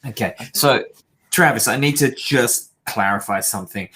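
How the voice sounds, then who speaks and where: A man's voice: mid-range voice, normal speed, bright, forceful tone. A British man co-hosting a podcast, reviewing films with dry, teasing humor. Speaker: podcast co-host. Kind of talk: casual chat and film review.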